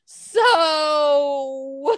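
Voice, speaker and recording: A woman's voice: high-pitched, expressive, extremely slow, no echo, clean studio sound. A young woman co-hosting a casual podcast, ranting with lots of swearing and mocking put-on quotes. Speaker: podcast co-host. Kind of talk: casual chat.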